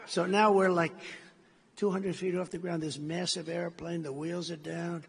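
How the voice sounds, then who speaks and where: A man's voice: fairly high pitch, fairly even intonation, normal speed, vocal fry, husky. An older American man giving a meandering speech at a gala, repeating himself and acting out bits of dialogue, in a large hall. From United States. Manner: repetitive, meandering storyteller who acts out dialogue. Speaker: gala speaker. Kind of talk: rambling speech anecdote. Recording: reverberant hall sound.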